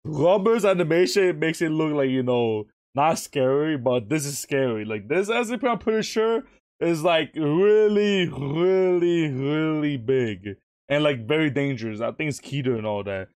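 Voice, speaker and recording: A man's voice: a little high, animated, moderate pace, darkish tone, no echo. A young man chatting casually as he reacts to a video, rambling, laughing often and restarting his sentences. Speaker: YouTube reactor.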